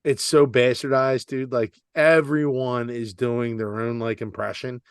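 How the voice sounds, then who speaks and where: A man's voice: medium pitch, fairly even intonation, a little slow, clear, resonant tone, no room sound, studio quality. A man with a Philadelphia accent co-hosting a podcast, ranting bluntly and swearing in casual chat. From Philadelphia area. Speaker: podcast co-host.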